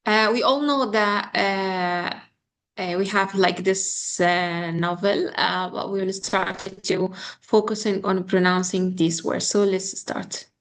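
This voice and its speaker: A young woman teaching an online English pronunciation lesson. She halts often with fillers and slowly repeats words as models. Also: medium pitch, fairly even intonation, fairly bright tone.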